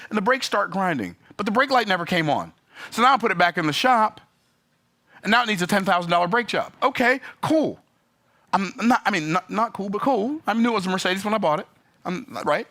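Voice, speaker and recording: Exasperated man ranting, bright voice. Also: sits high. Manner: exasperated, emphatic, sarcastic asides. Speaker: business vlogger. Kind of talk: animated storytelling rant.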